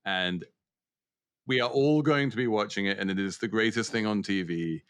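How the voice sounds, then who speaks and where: A man joins a podcast as a guest, with a smooth, resonant low voice. He talks in a wry, animated way. The recording is dry, with no room sound. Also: moderate pace, no echo.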